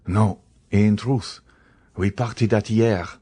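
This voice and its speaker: A man's voice: on the low side, steady tone, slow, warm tone, breathy edge. A man voicing a sly, frightened former galley convict who pleads and evades. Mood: pleading. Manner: pleading, evasive.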